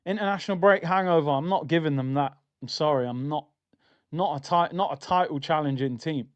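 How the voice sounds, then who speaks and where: A man's voice: a little high, brisk, lo-fi sound. A young man hosting a live football watchalong, talking in slangy, exasperated banter about the match.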